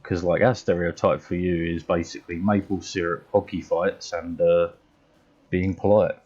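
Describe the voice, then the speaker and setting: His low, level voice is a little mellow and slightly rough, coming through in lo-fi sound. The English streamer plays a video game at a moderate pace, chatting loosely with viewers and swearing mildly as he goes.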